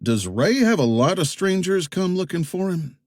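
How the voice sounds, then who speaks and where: A man's voice: sits high, big pitch swings, normal speed, no echo, voice pushed up. A man voicing a guarded, dry-witted Tennessee man. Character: wary young male investigator from Tennessee.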